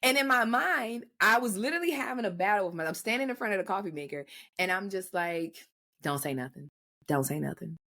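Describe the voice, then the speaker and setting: Young woman co-host, animated storyteller, bright and lively delivery, casual and profane. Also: medium pitch, fast talker, few pauses. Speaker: podcast co-host. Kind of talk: casual chat.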